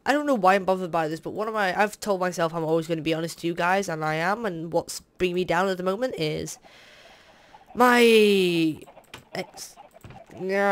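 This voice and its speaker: This young Let's Play host has a smooth voice that sits a little high. Yawning and worn out, he offers loose, rambling gameplay commentary full of hesitant "um"s, now and then straying into candid asides.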